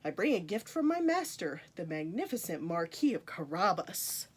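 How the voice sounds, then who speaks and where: A woman's voice: fairly low pitch, big pitch swings, normal speed, slight background noise. A woman voicing a clever, bold male talking cat in a storybook, eager and persuasive.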